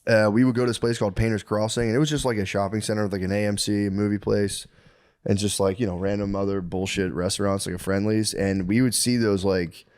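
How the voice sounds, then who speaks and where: A man's voice: lowish voice, little pitch movement, fast talker, a little mellow. A man in his thirties telling rambling, comedic stories as a podcast co-host, full of fillers. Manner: rambling storytelling with lots of fillers. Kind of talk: casual comedic chat.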